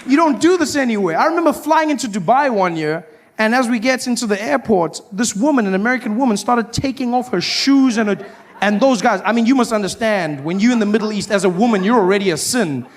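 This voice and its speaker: A man doing stand-up with a bright, fairly high voice and a loose, animated delivery. He jumps into loud, shouty impressions of the people in his story. Faint background noise sits under the recording. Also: quick pace. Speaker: stand-up comedian. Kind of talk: stand-up comedy routine.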